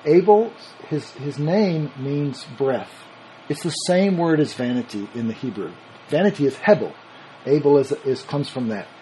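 A man's voice: a little high, normal speed, warm tone, slight background noise, rough recording. A man teaching a sermon on scripture in a conversational way, reasoning aloud and restarting his sentences. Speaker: Bible teacher.

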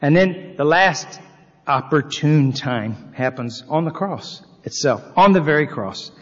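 Husky guy preaching in a church, earnest, big long echo, kinda dull sound. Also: a little high, expressive, measured pace. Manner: earnest preaching, reads scripture aloud with swelling emphasis. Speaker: pastor. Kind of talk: sermon. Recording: long hall reverb, slightly dull sound.

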